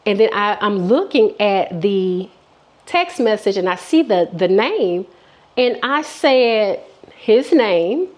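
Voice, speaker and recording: A woman's voice: medium pitch, lively intonation, slow pace. A woman vlogger telling a personal story in casual chat, candid and chatty, often acting out what people said. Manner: candid, chatty, many fillers and restarts, quotes people.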